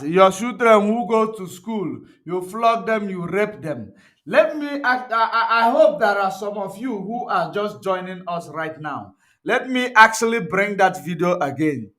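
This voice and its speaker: High, bright-voiced man lecturing. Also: expressive, measured pace. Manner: emphatic, repetitive, lecturing. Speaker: online commentator. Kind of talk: livestream commentary.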